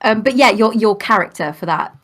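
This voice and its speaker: A woman from Kent hosting a casual podcast chat, chatty and quick to laugh. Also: mid-range voice, expressive. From Kent, England. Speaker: host.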